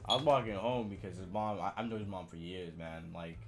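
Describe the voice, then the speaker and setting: A deep-voiced podcast co-host talks fairly quickly over soft background music, spinning a long, casual story. He retells dialogue with animation and plenty of slang.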